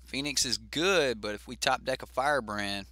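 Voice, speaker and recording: A man's voice: medium pitch, normal speed, bright, forceful tone, no echo. A man hosting a card game stream, chatting casually and thinking aloud with fillers as he plays. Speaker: host.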